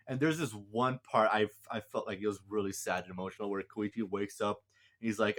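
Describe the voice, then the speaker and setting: A man's voice: on the low side, steady tone, fast talker, a bit bright. A man casually reviewing a movie, rambling with lots of fillers and restarts. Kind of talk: casual film review vlog.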